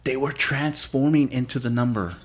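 A man's voice: medium pitch, normal speed. A man co-hosting a podcast, telling a wild story in casual chat with slang and swearing. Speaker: podcast co-host.

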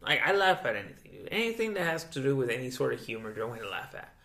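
A man's voice: medium pitch, sing-song, racing, creaky, a bit bright, echoey room. A young man hosting a podcast, telling stories in a loose, profane, filler-heavy way, saying "dude" often. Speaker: podcast host. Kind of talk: casual chat.

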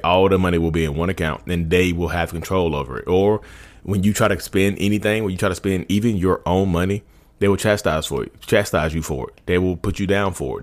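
A man talking straight to his viewers in a casual, informal way, often restarting and repeating his phrases. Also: low-pitched. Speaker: vlogger speaking about narcissism. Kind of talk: casual direct-to-camera talk.

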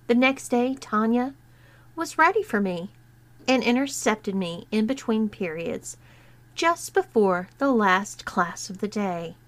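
Woman narrator, slow measured reading, fairly high voice, dry close-mic sound. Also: lively intonation, dry recording. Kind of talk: scripted story narration.

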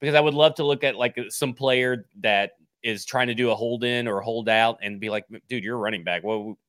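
Blunt bright-voiced man breaking down numbers. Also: medium pitch, steady tone, brisk, smooth, no room sound, clean studio sound. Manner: blunt, numbers-heavy explaining. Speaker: podcast guest analyst. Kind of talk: casual sports talk.

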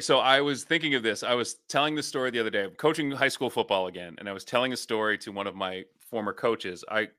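A man co-hosting a podcast and coaching high school football, chatting casually, laughing often and acting out the people in his stories. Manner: lively storyteller, laughs often, acts out quotes. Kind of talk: casual chat.

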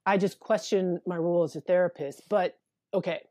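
A woman's voice: fairly low pitch, fairly even intonation, a little fast, warm tone, dry recording, clean studio sound. A woman therapist talking as a guest over a video call, hesitant and thoughtful, often restarting her sentences. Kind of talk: conversational interview.

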